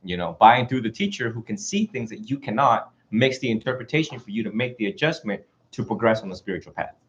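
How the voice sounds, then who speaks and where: A man's voice: medium pitch, sing-song, fast, slight background noise. Man, Buddhist teacher, informal dharma talk, self-mocking, chatty, muffled lo-fi sound. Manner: chatty, self-mocking, laughs often, acts out little voices. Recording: dull lo-fi recording.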